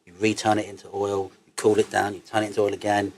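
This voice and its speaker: A man, an interview guest telling stories in a loose, sweary, animated way and laughing as he goes. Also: on the low side, fast. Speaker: interview guest, cannabis entrepreneur. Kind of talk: casual interview storytelling.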